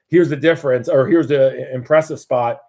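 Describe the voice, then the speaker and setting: A man's voice: mid-range voice, fairly even intonation, normal speed, gravelly, mellow. A man hosting a market show. He talks over charts in a loose, rambling, jokey way and corrects himself as he goes. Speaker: market analyst host.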